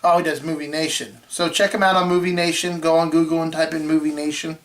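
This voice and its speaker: Rambling male movie-show host, throat-clearing. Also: a little high, little pitch movement, fast talker, fairly bright tone. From Florida. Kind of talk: casual chat.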